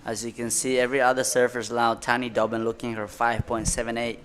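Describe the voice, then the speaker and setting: Excitable male surf commentator. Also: medium pitch, fairly quick. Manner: excitable, loose grammar, chatty asides. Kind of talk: live sports commentary.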